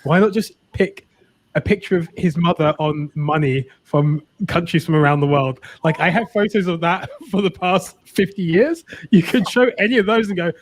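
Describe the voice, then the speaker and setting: A man's voice: sits high, normal speed. A man co-hosting a podcast, talking in a wry, rambling way and often breaking into laughter. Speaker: podcast co-host. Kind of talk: casual comedic chat.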